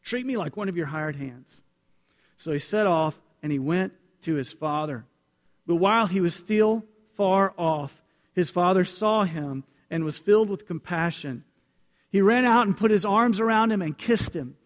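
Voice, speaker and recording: Male pastor, lightish voice, warm direct sermon delivery with Bible readings, echoing sanctuary. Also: sits high, moderate pace. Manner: earnest, conversational, addresses congregation directly. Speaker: preacher. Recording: long hall reverb.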